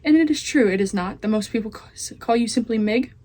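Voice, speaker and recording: A scheming male rat villain from a storybook, silky and overly polite, as a teenage girl reads him. His voice sits higher and louder than the narration around it, every word courteous and calculating. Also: fast, lightly acted. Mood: smooth, scheming. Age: teens.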